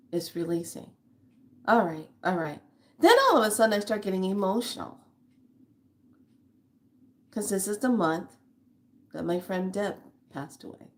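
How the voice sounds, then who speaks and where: Candid laughing woman in her fifties. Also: fairly low pitch. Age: 50s. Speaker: spiritual vlogger. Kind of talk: casual chat to viewers.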